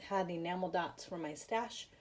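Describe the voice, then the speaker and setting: Her fairly low, darkish voice moves at a moderate pace as she leads a relaxed papercraft tutorial. She's chatty and pokes fun at herself, uses lots of fillers, and yawns from tiredness.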